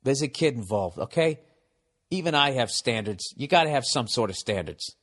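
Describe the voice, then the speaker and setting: A man's voice: mid-range voice, animated, normal speed, fairly bright tone. A middle-aged man hosting a podcast, giving blunt, profane, rambling advice in a casual comedic monologue.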